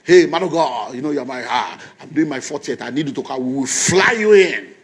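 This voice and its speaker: A man voicing an excited, boastful man of about forty who talks loudly with a raised pitch. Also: brisk, husky. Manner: loud, gushing, raised pitch.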